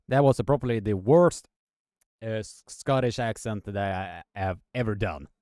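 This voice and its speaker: A man giving live arm wrestling commentary. He talks in a halting way, full of fillers and restarts, and climbs in pitch when the action heats up. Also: warm tone, no room sound, clean studio sound. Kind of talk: live sports commentary with chat.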